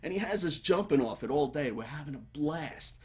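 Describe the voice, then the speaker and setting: Husky male guest, animated casual storyteller. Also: a little high, a little fast. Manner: animated, laughing while telling stories.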